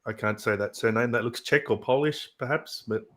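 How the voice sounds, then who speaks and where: A man's voice: medium pitch, brisk. Easygoing Australian man hosting. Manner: relaxed, jokey, greets chat viewers. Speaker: host. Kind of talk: casual live-stream chat.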